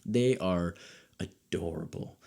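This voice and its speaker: A young man hosting his own show, reviewing a series in a casual, excitable way that swings from low mutters to loud outbursts. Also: slow pace, creaky. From United States. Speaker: podcast host reviewing a show.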